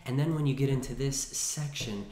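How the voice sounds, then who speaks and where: A man's voice: medium pitch, steady tone, moderate pace, warm tone. A man giving a casual piano lesson, talking things through with restarts and demonstrating as he goes. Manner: chatty, thinks aloud with restarts, sings phrases between words. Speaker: piano teacher. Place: room with a piano. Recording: roomy echo with piano. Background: piano played between phrases.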